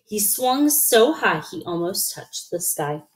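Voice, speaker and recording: A woman's voice: medium pitch, very animated, slow pace. A woman reading a children's picture book aloud, expressively, with sound effects. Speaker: storyteller.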